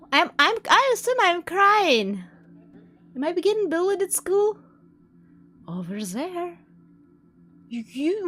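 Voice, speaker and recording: High, lively-voiced woman streamer. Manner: excitable, laughs often, jumpy. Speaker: game streamer. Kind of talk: live gameplay commentary.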